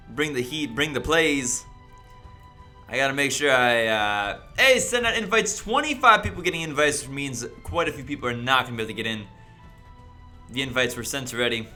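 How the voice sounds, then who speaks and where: A man's voice: mid-range voice, sharp tone. A man hosting a casual livestream, upbeat, greeting viewers one after another by name. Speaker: livestream host. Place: echoey room. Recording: roomy echo, faint music behind.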